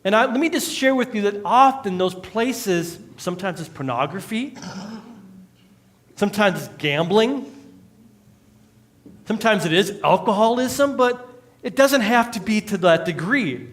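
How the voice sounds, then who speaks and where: Man, pastor, conversational sermon, high-pitched, animated. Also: a little slow, pauses often. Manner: conversational, animated preaching with jokes and acted quotes. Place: church sanctuary.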